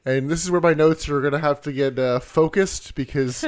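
A man's voice: on the high side, normal speed. A man co-hosting a casual podcast chat, swearing freely and laughing often while working through his notes. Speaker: podcast co-host. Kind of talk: casual wrestling recap chat.

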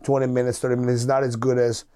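Mellow-voiced coach. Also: male voice, medium pitch, little pitch movement, very fast, clean tone. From Brazil. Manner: emphatic, repetitive, run-on phrasing. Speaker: podcast co-host, martial arts coach. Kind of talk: casual chat.

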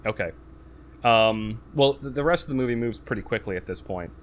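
A man's voice: mid-range voice, a little fast, a little hiss or hum. A man in casual podcast chat, recapping a movie plot with lots of fillers and restarts. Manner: rambling, many fillers and restarts; acts out quotes in raised voice.

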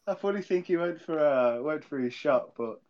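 Young bloke telling stories, bit high voice, jumps all over, acts out voices, dull recording. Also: male voice, normal speed, slight background noise. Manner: animated, acts out quoted voices, swears freely. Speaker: guest, childhood friend. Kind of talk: casual storytelling chat. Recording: dull lo-fi sound.

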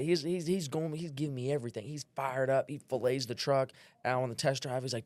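A man's voice: mid-range voice, quick pace, darkish tone, no echo. A man, a sales trainer talking as a podcast guest, brash and profane, telling stories with quoted dialogue. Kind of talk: casual podcast chat.

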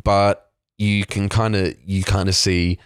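Deep-voiced man telling a profane story. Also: little pitch movement, measured pace, smooth, no echo, studio quality. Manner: loose, profane storytelling with lots of fillers. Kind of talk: casual chat.

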